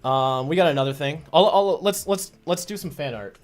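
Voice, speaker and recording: A man's voice: a little high, moderate pace, soft background music. A man hosting a casual livestream as a comic creator, chatty and rambling, full of restarts.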